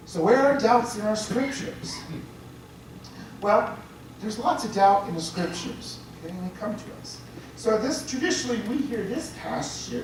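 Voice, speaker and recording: Man, priest, chatty lecture, checks in with listeners, very echoey room. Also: high-pitched. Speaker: priest giving a talk. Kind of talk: conversational lecture. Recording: very echoey room, distant mic, faint hiss.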